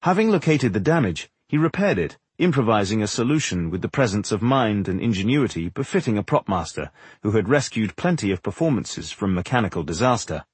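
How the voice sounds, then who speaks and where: A man narrating a fantasy audiobook in a measured, expressive storytelling manner. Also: on the low side, husky, no echo. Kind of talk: scripted narration.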